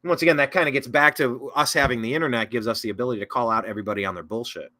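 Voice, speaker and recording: A man's voice: mid-range voice, very fast, bright, forceful tone. Sarcastic man hosting a political show. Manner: sarcastic, rambling, self-correcting with mocking asides. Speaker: political talk show host. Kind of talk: casual political commentary, reading viewer comments aloud.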